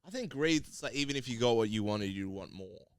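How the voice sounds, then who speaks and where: A man's voice: mid-range voice, animated, brisk, smooth, no room sound, clean studio sound. A young man co-hosting a podcast, reflective and explaining ideas with examples. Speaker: podcast co-host. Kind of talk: casual chat.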